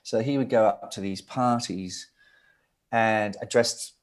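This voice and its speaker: A middle-aged Englishman who works as a record producer recounts his family history as a guest in a casual interview. He speaks slowly in a fairly low voice, rambling through anecdotes and often restarting his sentences.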